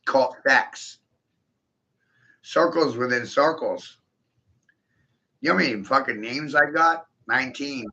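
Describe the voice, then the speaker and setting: A man in a profane, aggressive monologue, repeating himself and bursting into shouts. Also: mid-range voice, slow, pauses often. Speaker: monologuing video host. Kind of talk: ranting monologue to camera. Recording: dull lo-fi recording.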